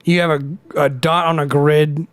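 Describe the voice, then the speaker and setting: A man's voice: a little high, level tone, measured pace, smooth, no room sound. A young man co-hosting a casual podcast, telling a rambling story, swearing freely and acting out the people he quotes. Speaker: podcast co-host. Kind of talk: casual chat.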